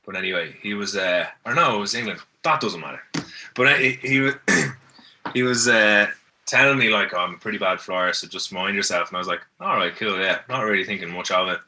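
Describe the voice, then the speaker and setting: An Irish man, guesting on a podcast, tells stories in a relaxed, rambling way, often starting his sentences over. His fairly low voice is brisk, bright and forceful, and the mic sits at a distance.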